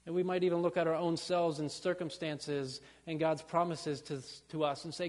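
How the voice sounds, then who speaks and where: A man preaching a sermon as pastor, earnest, building to fervent pleas and dropping to soft, low phrases. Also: little pitch movement, moderate pace, few pauses, in a large hall.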